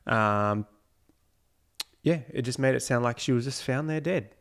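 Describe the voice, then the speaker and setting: A man's voice: medium pitch, a little slow, a bit bright. A man co-hosting a casual podcast, answering in an offhand way with short replies and questions. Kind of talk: casual chat.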